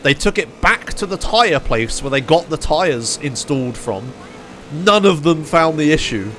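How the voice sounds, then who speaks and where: A man's voice: a little high, expressive, unhurried, fairly bright tone, a little hiss or hum. Swearing British man telling a story. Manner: swears freely, rambling with many fillers. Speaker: streamer. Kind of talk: casual storytelling to chat.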